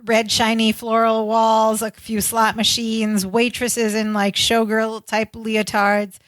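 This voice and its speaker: A woman's voice: on the high side, monotone, slow pace, fairly bright tone, no room sound. A woman co-hosting a casual podcast, animatedly retelling sitcom scenes with frequent laughs. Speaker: podcast co-host. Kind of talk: casual sitcom recap chat.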